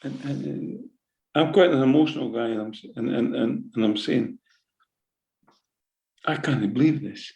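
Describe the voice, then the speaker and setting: A man's voice: medium pitch, moderate pace, vocal fry, lo-fi sound. A middle-aged Scottish man, a football manager, telling an emotional story in an interview, repeating himself and often checking in with "right?". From Scotland. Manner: animated, repetitive, keeps asking "right?".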